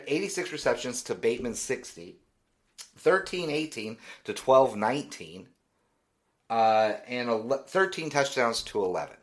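A man's voice: mid-range voice, a bit bright. A man hosting a solo sports podcast, giving opinionated, dismissive commentary in a ranting way. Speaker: podcast host.

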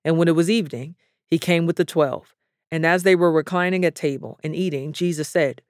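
A man's voice: on the high side, dry recording. Man reading scripture, dry and close. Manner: measured, even, solemn delivery. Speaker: scripture reader.

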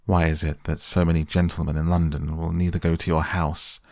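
A man reading a grave, deep-voiced painter. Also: flat delivery, fairly quick, darkish tone, dry recording, clean studio sound. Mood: grave earnest. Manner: earnest, pleading. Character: grave earnest male gentleman painter. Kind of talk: soft bedtime audiobook reading.

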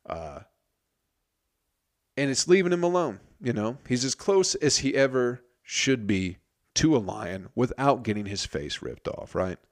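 A man's voice: medium pitch, expressive, a little slow. A man telling a story in a casual comedic monologue, profane and rambling, often interrupting himself.

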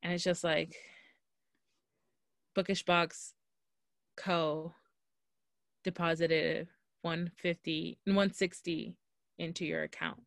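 A woman's voice: lowish voice, animated, slow pace, pauses often, dry recording, studio quality. A woman co-hosting a podcast, telling a story in casual chat and quoting herself and others with lots of "like". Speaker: podcast co-host.

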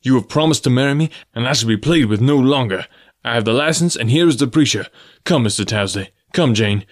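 A man's voice: medium pitch, normal speed, natural voice. A man voicing a brusque, domineering young male suitor in an audiobook. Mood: insistent. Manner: brusque, demanding.

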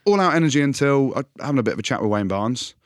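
Chatty man telling lively stories. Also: mid-range voice, rapid-fire, no room sound, studio quality. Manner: animated, acts out other people's voices. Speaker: podcast co-host. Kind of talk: casual banter, storytelling.

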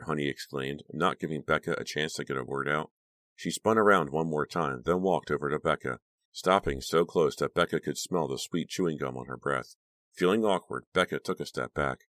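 A man narrating an audiobook in a measured, suspenseful way. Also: rumbling low, fairly bright tone, no echo, studio quality. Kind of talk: scripted narration.

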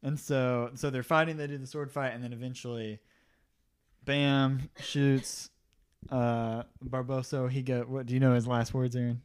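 A man's voice: medium pitch, little pitch movement, normal speed, clear, resonant tone. A man casually rambling through a movie recap as a podcast co-host, checking his notes and laughing often.

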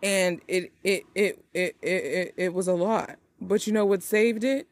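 A woman's voice: fairly low pitch, unhurried, no room sound. A woman hosting a movie review podcast, chatting casually and animatedly with playful wordplay. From United States. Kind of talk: casual chat.

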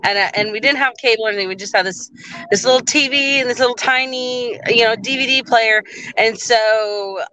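A woman's voice: on the high side, a little fast, pushed and bright, a little hiss or hum, rough recording. A woman chatting on a live stream, reminiscing in a chatty, easygoing way. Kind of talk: casual live stream chat.

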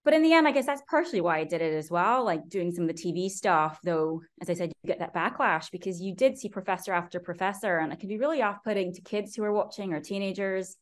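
An American woman, a professor talking as a guest in an interview, lively and quick to act out what other people say. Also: medium pitch. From United States. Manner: animated, quotes critics in mocking voices. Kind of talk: conversational interview.

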